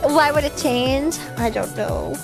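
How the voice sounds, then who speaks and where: A woman streaming a video game, chatting excitedly and casually, swearing now and then. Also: high voice, slow pace, creaky. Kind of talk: casual gameplay livestream chat. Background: faint game music.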